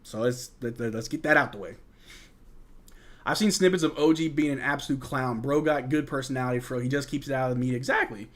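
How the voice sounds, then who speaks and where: A man's voice: medium pitch, fast. A young man hosting a casual live watch-along of a basketball game, calling plays, answering chat and trash-talking players. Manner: chatty, reads and answers chat, jokes and trash talk. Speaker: host of a fan live stream.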